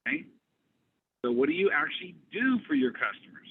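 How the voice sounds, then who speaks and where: Male business coach on a group call: high, very lively voice with a chatty, animated delivery. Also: brisk, vocal fry, husky. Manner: animated, conversational, acts out dialogue. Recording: tinny phone-like line, faint hiss.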